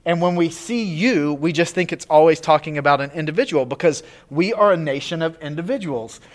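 A man preaching a relaxed, conversational sermon, chatty and full of fillers and restarts. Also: a little high, a little fast. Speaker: pastor.

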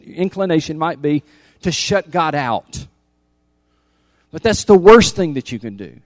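A man preaching a sermon as pastor, emphatic, repeating key lines and swinging from loud appeals to hushed intensity. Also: a little high, no room sound.

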